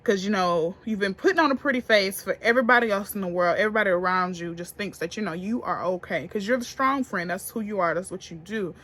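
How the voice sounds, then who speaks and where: A young woman telling a story to camera in a casual, profane, animated way, getting loud and then hushed. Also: medium pitch, quick pace, hardly any pauses. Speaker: beauty vlogger.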